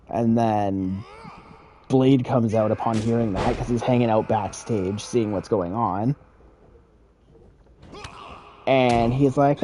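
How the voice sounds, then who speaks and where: A man's voice: mid-range voice, slow pace, warm tone, a little hiss or hum. A man casually retelling a wrestling game storyline, rambling and profane, with chuckles. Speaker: gaming creator.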